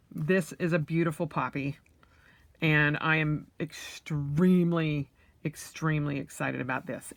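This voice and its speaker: Slow-talking woman unboxing, chatty. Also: low-pitched, vocal fry, a bit bright. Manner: chatty, thinking aloud with frequent fillers and squeals of delight. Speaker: vlogger. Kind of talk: casual unboxing vlog.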